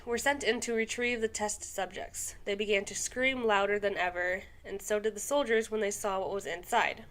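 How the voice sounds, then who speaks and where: A woman's voice: medium pitch, a bit bright. A young adult woman co-hosting a podcast, reading a story aloud and breaking off for casual asides and stumbles. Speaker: podcast co-host.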